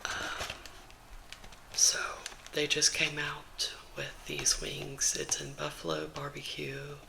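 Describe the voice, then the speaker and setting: A woman's voice: low-pitched, sing-song, takes it slowly, creaky, sharp tone, rough recording. A young woman with a Southern US accent whispering a chatty, rambling ASMR talk into a close microphone. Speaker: ASMR creator.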